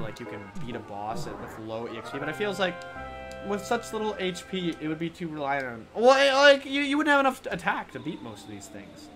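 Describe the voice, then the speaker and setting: A woman streamer giving casual live commentary while playing, swearing freely and yelling at enemies. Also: sits low. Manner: animated, swears a lot, yells at enemies. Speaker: game streamer. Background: game music.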